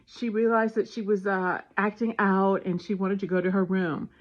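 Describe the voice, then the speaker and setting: A woman casually telling a family story and giving parenting advice, animated and acting out the dialogue. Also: medium pitch, normal speed. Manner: animated retelling with voiced dialogue. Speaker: parenting vlogger. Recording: dull lo-fi sound.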